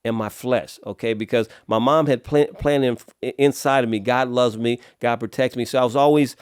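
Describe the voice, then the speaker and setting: A middle-aged man from Los Angeles, a podcast guest telling his life story in a casual, streetwise way, often clearing his throat. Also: mid-range voice, steady tone, normal speed, dry recording, studio quality. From Los Angeles, USA.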